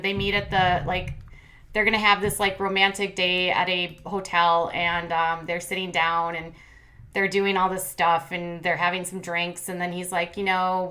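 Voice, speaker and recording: A woman's voice: lowish voice, pushed and bright. A woman in her thirties hosting a casual reality TV recap, sassy and blunt, mocking the cast in put-on voices. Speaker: commentary channel host.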